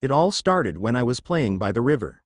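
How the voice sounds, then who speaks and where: A man's voice: medium pitch, sing-song, moderate pace, no room sound. Guy doing a shy little boy, hesitant and a bit down, dry close sound. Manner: hesitant, dejected. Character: timid six-year-old boy.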